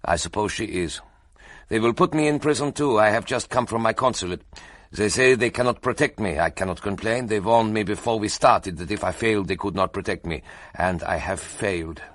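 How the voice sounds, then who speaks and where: A man's voice: lowish voice, brisk, a bit bright, no room sound, voice pushed up. A man voicing a large, tired and hungry German man with a strong German accent, speaking stiffly and formally. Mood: weary formal. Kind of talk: audiobook character voice.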